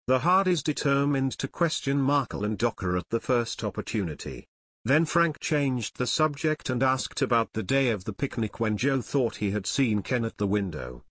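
A man narrating an audiobook in an even, clear storytelling manner. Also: mid-range voice, moderate pace, dry recording. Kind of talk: scripted narration.

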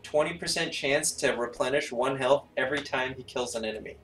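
A man's voice: medium pitch, fairly quick, fairly bright tone, soft background music. A man hosting a casual game video, rambling in a goofy way and trailing off mid-sentence. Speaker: channel host. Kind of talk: casual gaming chat.

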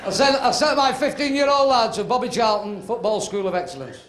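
A man's voice: high voice, brisk, a bit bright. A man doing live stand-up comedy, telling punchy jokes and acting out the lines. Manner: punchy joke-telling with quoted voices. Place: comedy club stage. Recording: echoey club with crowd laughter and noise.

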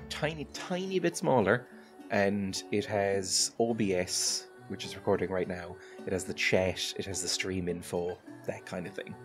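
A man hosting a home-streamed game video, chatting casually and self-deprecatingly as he plays. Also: deep voice. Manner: rambling, self-deprecating, chatty with frequent laughs. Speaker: gaming channel host. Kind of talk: casual let's-play commentary. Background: game music playing clearly.

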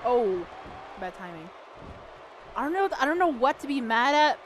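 High-pitched excitable woman gamer. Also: normal speed. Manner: excitable, swears and shouts at the game. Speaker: gaming channel host. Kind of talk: let's play commentary. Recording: game crowd and arena noise behind.

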